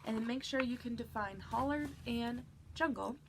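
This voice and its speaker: Speaking at a moderate pace with vocal fry, this woman has a voice on the high side. She's a teacher with a stuffy nose, guiding kids through reading patiently and encouragingly while checking in frequently with "all right," over background noise.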